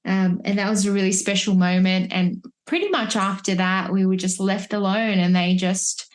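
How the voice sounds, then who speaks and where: A woman's voice: mid-range voice, moderate pace. A woman, a podcast guest telling her story in a chatty, reflective way, full of restarts. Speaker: podcast guest, mother of three. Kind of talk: casual birth-story telling. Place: at home, holding a baby. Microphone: wearing headphones, remote podcast recording.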